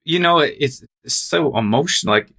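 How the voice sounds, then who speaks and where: A man's voice: fairly high pitch, expressive, normal speed, a bit bright. A man hosting an interview, asking questions in an upbeat, encouraging way. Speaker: podcast host.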